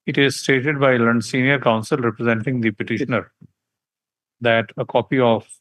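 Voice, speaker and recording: Judge, Indian English accent, brisk and curt, dictates orders in a dry-sounding courtroom. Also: male voice, medium pitch, steady tone, a bit bright, no room sound, poor audio.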